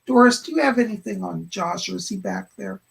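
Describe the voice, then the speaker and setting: A man's voice: high-pitched, brisk, vocal fry, a bit bright, husky. A man hosting a live stream, giving psychic readings and passing on spirit messages with many "he said" and "hold on" asides. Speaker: psychic medium host.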